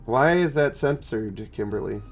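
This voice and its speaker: A man streams a game and chats in a relaxed, low-key way while he answers viewers. He sounds stuffed up, his voice sits at an ordinary middle pitch, and faint music plays under him. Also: unhurried. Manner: chatty, low-key, reading and answering chat. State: congested, stuffed up. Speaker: gaming streamer. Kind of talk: casual live-stream chat.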